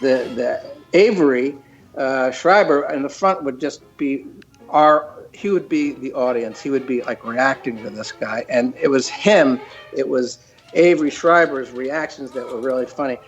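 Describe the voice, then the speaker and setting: An older man, a cartoon creator and guest, telling stories in a casual chat, halting with many fillers. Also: mid-range voice, muffled recording, soft background music.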